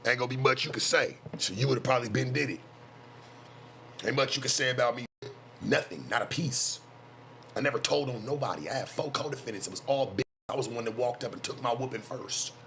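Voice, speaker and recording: A man with an American West Coast street accent, talking straight at his viewers in a casual livestream rant. His voice is bright and forceful, his talk blunt and full of profanity, circling back to the same point again and again. A faint hum of room sound sits behind him. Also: mid-range voice. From West Coast of the United States. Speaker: streamer and self-styled life coach.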